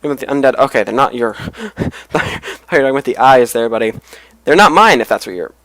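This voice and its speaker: A man's voice: medium pitch, a little fast, a bit bright, no echo, low-quality recording. A tired man casually rambling as he comments on a game he is playing, with mumbled asides. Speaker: let's play host.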